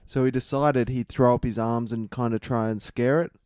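A man co-hosting a podcast in casual chat, deadpan and swearing often as he retells a story. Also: mid-range voice, normal speed, clear, resonant tone, dry recording, studio quality. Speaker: podcast co-host.

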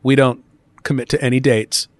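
A man with a mid-range voice joining a podcast chat as a guest. He jokes in a dry, deadpan way, setting mock ground rules with a straight delivery. The talk stays casual. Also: mid-range voice, normal speed.

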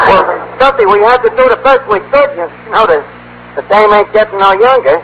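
An actor playing a streetwise, wisecracking tavern manager in a 1940s radio comedy, with brash, ungrammatical patter. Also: male voice, high voice, close to an everyday voice. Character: fast-talking wisecracking tavern manager, adult man. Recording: muffled old radio broadcast with loud hiss.

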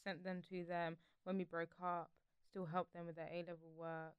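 A young woman, telling stories in an animated, casual chat among friends and swearing freely. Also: on the low side, moderate pace, clear, resonant tone, no room sound, lo-fi sound. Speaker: podcast co-host.

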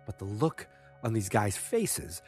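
A man with a somewhat low voice talks through a TV episode in a loose, rambling way. He stacks up fillers, corrects himself mid-sentence and drops blunt opinions without holding back. Faint music sits underneath his voice. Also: big pitch swings, a little slow, a little mellow. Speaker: TV episode recapper. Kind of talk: casual spoken recap.

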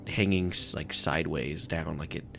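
A man's voice: extremely low pitch, fairly even intonation, normal speed, gravelly, background noise. A man narrating a tabletop game as game master, rambling and filling with "like" and "um.". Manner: rambling, full of "like" and "um".

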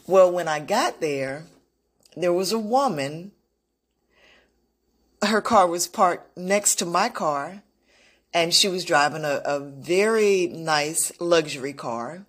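A woman speaks in a slightly low voice, sharing a personal story in an earnest, unscripted way. She pauses and restarts often as she thinks aloud. Her tone is reflective and direct. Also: expressive. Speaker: motivational vlogger.

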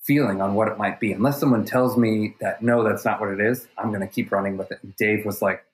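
A stunt performer being interviewed, telling stories casually with energy and frequent restarts. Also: male voice, lowish voice, fairly even intonation, brisk. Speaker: stunt performer and fight coordinator guest. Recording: roomy echo.

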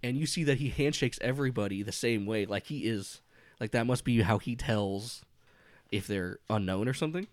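A man's voice: medium pitch, moderate pace, no echo. A man running a tabletop horror game as game master, narrating casually with lots of fillers and frequent laughs. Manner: rambling, laughs often, many fillers.

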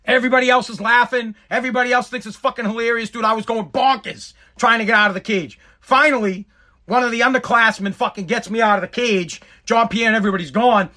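A man's voice: extremely high pitch, steady tone, quick pace, sharp tone. A middle-aged man telling a personal story in a rambling, emphatic way, full of swearing. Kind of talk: casual storytelling monologue.

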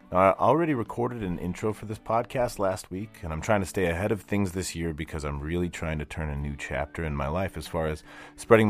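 A man hosting his own podcast from a practice studio, talking in a blunt, profane, angry rant. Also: deep voice. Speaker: podcast host. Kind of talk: solo podcast monologue.

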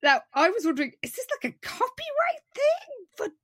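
A woman's voice: extremely high pitch, huge pitch swings, a little fast, a bit bright. A woman co-hosting a podcast, recapping an episode in casual chat with dry, wry asides. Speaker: podcast co-host.

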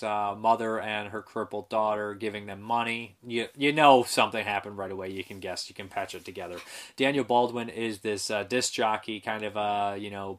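A man's voice: fairly low pitch, a bit bright. A man giving a casual spoken movie review, rambling and frank, with lots of fillers and some swearing.

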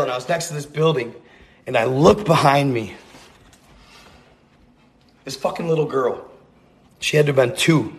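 A man's voice: fairly high pitch, gravelly. A man telling a rambling, profane story in a casual, earnest way, full of slang and repeats. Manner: earnest, intense.

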